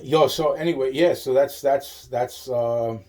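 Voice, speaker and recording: A man's voice: medium pitch, measured pace, noisy background. A man delivering a rambling, agitated monologue, swearing constantly and repeating himself. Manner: profane, agitated, repetitive ranting.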